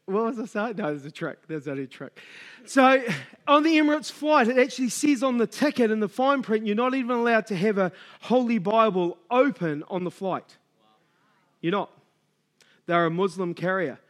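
A middle-aged man preaches a sermon in a notably high voice. He tells his story vividly and voices the other people in it. Then he builds to loud, fervent exhortation. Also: lively intonation, normal speed. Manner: storytelling, acts out dialogue, rising to loud exhortation.

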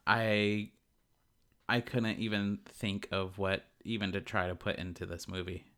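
A man co-hosting a casual podcast, blunt and dry, often trailing off quietly. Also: fairly low pitch, level tone, unhurried. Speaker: podcast co-host. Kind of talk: casual chat.

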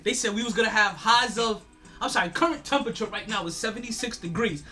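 A man's voice: high-pitched, fast talker, sharp tone, faint music behind. A man hosting a sports podcast, ranting in a casual monologue with stammered repeats and frequent laughter. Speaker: podcast host.

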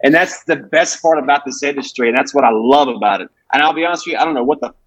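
A man's voice: mid-range voice, fast talker, dry recording, lo-fi sound. Brash guy in his 20s, cussing a lot, rambling stories, dry close sound. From Alabama. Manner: profane, brash, rambling with restarts. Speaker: comedian guest. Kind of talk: casual podcast storytelling.

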